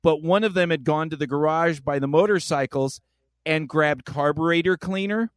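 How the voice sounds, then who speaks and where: A man's voice: fairly high pitch, normal speed, clean tone, dry recording, studio quality. A man hosting a podcast in casual chat, telling stories with acted-out voices. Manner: animated storyteller, acts out voices. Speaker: podcast host.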